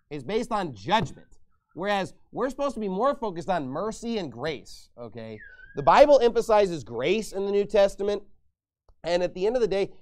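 A man preaching a sermon as pastor, emphatic, getting loud on his sarcastic points. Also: high voice.

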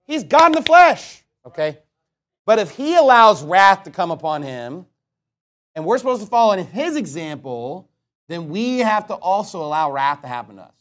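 Very animated, a high-voiced pastor preaches bluntly and fiercely, alternating forceful emphasis with hushed asides. Scripture readings come in slow, solemn tones.

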